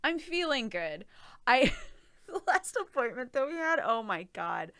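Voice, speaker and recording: Bright, lively pregnant woman streamer. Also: high voice, measured pace, no echo, clean studio sound. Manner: chatty, laughs often, swears casually. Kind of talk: casual chat with live chat.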